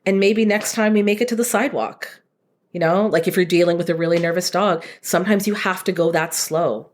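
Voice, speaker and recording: Low-voiced chatty woman. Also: fairly quick. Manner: animated, chatty, with lots of fillers. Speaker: dog trainer guest. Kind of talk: casual podcast chat.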